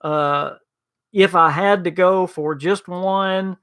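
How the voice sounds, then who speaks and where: A man's voice: high voice, fairly even intonation, slow pace, fairly bright tone, smooth. A man hosting a gaming podcast livestream, rambling casually, stumbling over restarts and answering chat messages by name. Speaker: podcast host reading live chat.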